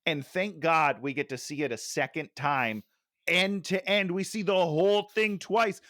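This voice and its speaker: A middle-aged man grumbles through a movie review on a headset mic, sighing and ranting in exasperation. His voice sits fairly high and leaps all over the place, and the recording is close and dry. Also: fairly bright tone, dry recording. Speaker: podcast co-host. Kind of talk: casual movie-review chat.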